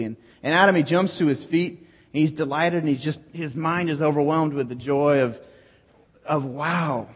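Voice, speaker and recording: A male pastor delivers an earnest, teacherly sermon in a husky, mid-pitched voice, returning to his key phrases. His voice carries a long reverb from a large church hall. The recording sounds slightly dull. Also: moderate pace.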